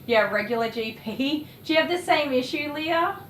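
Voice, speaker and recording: A woman's voice: sits high, lively intonation, normal speed, a bit bright. Woman, rambling casual chat, faint background noise. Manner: rambling, chatty venting. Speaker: dog groomer livestream host. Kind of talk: casual chat while working. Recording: roomy, distant mic, faint noise.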